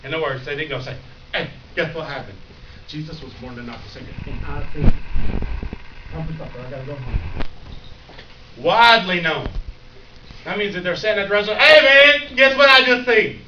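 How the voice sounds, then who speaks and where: A man preaching a youth sermon in a lively, animated way. He often acts out excited voices and often raises them to shouts. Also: a little high, fairly quick, long pauses. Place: church youth room. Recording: dull echoey room recording from a distance, noisy.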